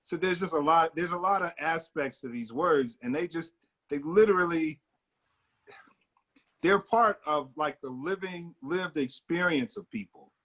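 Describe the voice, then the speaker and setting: A man's voice: a little high, unhurried, a bit bright. A man leading a casual book discussion, talking thoughtfully with many fillers and restarts. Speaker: discussion leader.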